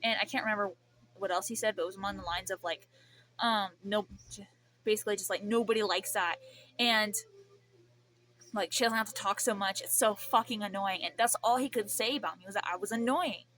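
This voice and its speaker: A woman's voice: medium pitch, a little fast, a bit bright. A young woman venting to camera in a rambling, emotional way, swearing often. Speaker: vlogger. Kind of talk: emotional vent.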